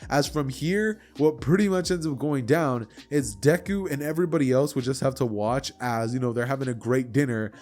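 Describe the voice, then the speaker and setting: A young man spins a made-up anime story, chatty, slangy and animated in his retelling. His medium-pitched voice moves at a normal speed with hardly any pauses, and soft music plays in the background.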